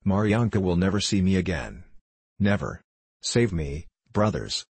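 Male reader voicing a surly drunk coach driver; deep, husky, mocking. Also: big pitch swings, unhurried, a little mellow, no room sound, heavily acted. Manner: mocking, wheedling pleas. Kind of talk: audiobook character reading.

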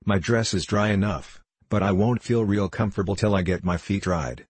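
A man with a low, husky voice reading the lines of an earnest, prim young farm girl in an audiobook story. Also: steady tone, normal speed, dry recording.

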